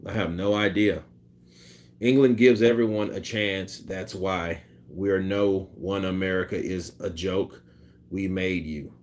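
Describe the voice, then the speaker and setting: A man's voice: low-pitched, fairly even intonation, measured pace, a little mellow. A man hosting a casual boxing live stream, reading chat and talking loosely with profanity and laughter. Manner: imitates punch sounds and quotes people in put-on voices.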